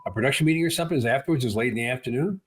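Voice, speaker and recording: Brief: man in his 60s, ex-radio co-host, rapid-fire bawdy storyteller, rambling delivery. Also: medium pitch, background noise. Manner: rapid, rambling, crude anecdotes with laughs. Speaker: podcast co-host, former radio DJ. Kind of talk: casual comedic storytelling.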